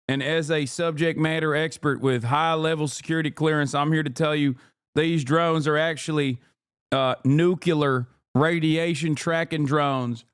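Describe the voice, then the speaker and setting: A man putting on the voice of a blustering backwoods drone contractor, ranting about secret plots in a smooth, fairly high voice. The delivery is conspiratorial and certain of itself. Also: no echo, studio quality, natural voice.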